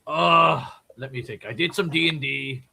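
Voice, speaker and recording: A man chatting casually as a podcast guest, putting on a gruff dwarven brogue and swearing freely, with a raspy voice. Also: fairly high pitch, a little slow, sharp tone.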